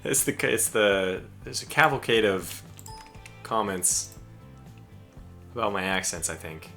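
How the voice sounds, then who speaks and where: A man's voice: on the low side, expressive, measured pace, pushed and bright, soft background music. An American man casually commentating his own live strategy game stream, chatty and chuckling as he barks orders at his ships. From United States.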